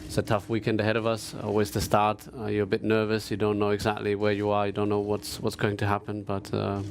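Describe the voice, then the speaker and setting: Driver dude, gravelly low flat voice, lots of uhs, frank. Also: male voice, fast, a little hiss or hum. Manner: hesitant, frank. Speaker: racing driver. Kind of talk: press conference answers.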